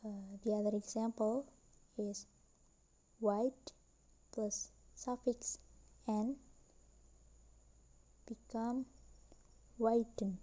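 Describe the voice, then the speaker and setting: A young woman student slowly reading a class presentation with careful, deliberate delivery. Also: fairly high pitch, steady tone, dark tone, lo-fi sound. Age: young adult.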